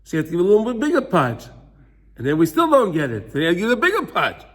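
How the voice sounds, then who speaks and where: A man's voice: high-pitched, wildly swooping pitch, rapid-fire, fairly bright tone. A man teaching a Torah class, earnestly explaining texts, slipping into Hebrew terms and acting out little scenes. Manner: earnest, acts out voices, mixes in Hebrew terms.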